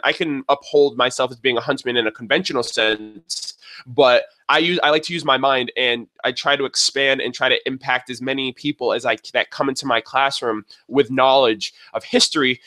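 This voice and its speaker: A man giving a casual, rambling spoken review of a show episode, excitable and full of fillers and restarts. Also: mid-range voice. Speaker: video reviewer.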